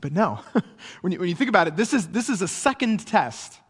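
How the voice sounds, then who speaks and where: A man's voice: high-pitched, very animated, a little fast, husky, big-room sound. A man preaching a sermon in a conversational way, often checking in with his listeners. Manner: conversational preaching with frequent "right?" asides. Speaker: pastor.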